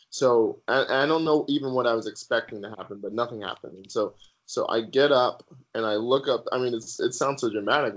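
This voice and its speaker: A man guest on a podcast sharing his personal faith testimony in an earnest, halting way with many fillers. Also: medium pitch, rough recording.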